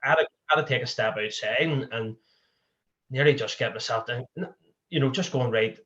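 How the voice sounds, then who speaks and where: A man's voice: mid-range voice, a little fast, bright, forceful tone, dull audio. Northern Irish man telling a rambling story. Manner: rambling, full of "you know" fillers and restarts. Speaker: podcast guest. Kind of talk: candid personal storytelling.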